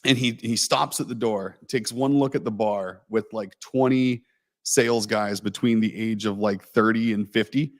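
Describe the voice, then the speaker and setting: A man with a fairly low voice spins a long, self-mocking story on a casual livestream. He rambles, restarts his sentences and leans on fillers as he goes. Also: steady tone, moderate pace. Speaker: co-host telling a story.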